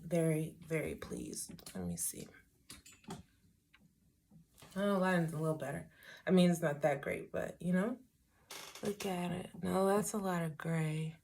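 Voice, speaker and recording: A woman's voice: lowish voice, expressive, takes it slowly, long pauses, a little hiss or hum. A middle-aged woman talking casually through a hair tutorial, rambling with wry asides to herself. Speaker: hair vlogger.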